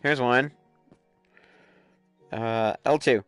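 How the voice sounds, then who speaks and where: A man hosting a live stream, chatting excitedly and laughing as he plays a game. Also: mid-range voice, very slow, clear, resonant tone, no room sound, faint music behind. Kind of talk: casual gameplay commentary.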